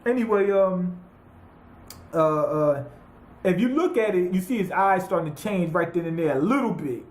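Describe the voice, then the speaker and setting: Profane, rambling high-voiced man. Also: normal speed, roomy sound. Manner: profane, rambling, animated retelling with quoted voices. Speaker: anime reviewer. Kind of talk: casual recap monologue.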